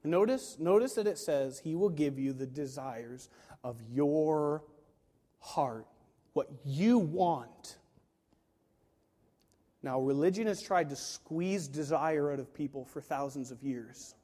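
A man's voice: high voice, expressive, a little slow. A man preaching a sermon to a congregation, emphatic and full of rhetorical questions. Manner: emphatic, rhetorical questions, acts out quoted voices. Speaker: pastor. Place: large room with a live congregation. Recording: long hall reverb.

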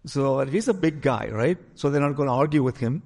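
A man's voice: medium pitch, animated, a little fast, darkish tone, in a large hall. A pastor telling a story in a sermon, acting out the voices of the people he quotes.

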